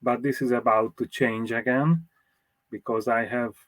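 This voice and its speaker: Man, historian being interviewed, English speaker, measured explanatory manner, mid pitch, dry close sound. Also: steady tone, a bit bright, dry recording. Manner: measured, explanatory, with fillers and restarts. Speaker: motoring historian and magazine publisher. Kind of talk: interview answers.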